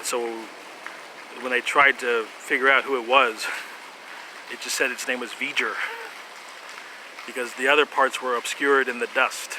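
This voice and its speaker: A man's voice: mid-range voice, little pitch movement, a little slow, pauses often, noisy background. A man rambling through a casual monologue, laughing often, swearing, and trailing off into fillers and restarts.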